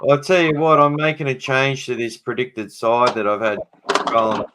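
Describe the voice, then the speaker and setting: A man's voice: mid-range voice, level tone, normal speed, background noise. A man with an Australian accent hosting a live podcast in casual, jokey chat. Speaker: podcast host.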